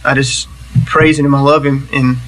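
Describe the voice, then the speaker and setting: A man giving a personal testimony in church, earnest and halting, with many restarts. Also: mid-range voice, little pitch movement, fairly bright tone, low-quality recording.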